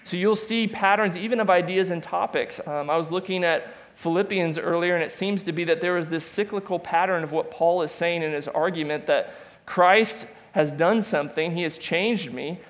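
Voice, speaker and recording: A man's voice: on the high side, normal speed. A man teaching a Bible study class in a conversational way, with restarts and asides. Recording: long reverb of a large room.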